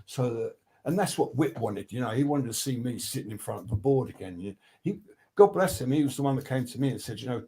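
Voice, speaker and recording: This older man, a guest record producer, chats over a video call in a casual storytelling interview, spinning profane, meandering studio tales. He keeps restarting his thoughts and animatedly quotes others. His voice is mid-range and fast.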